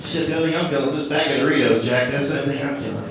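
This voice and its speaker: Hosting a live open mic at a comedy club, a man does loose, profane stand-up and teases the crowd, his medium-pitched voice racing along. The recording is echoey and distant from the mic, with audience noise.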